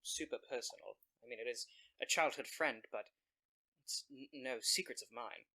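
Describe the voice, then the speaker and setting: A man voicing an earnest young adventurer who talks in a halting, friendly way. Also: mid-range voice, vocal fry, bright, forceful tone.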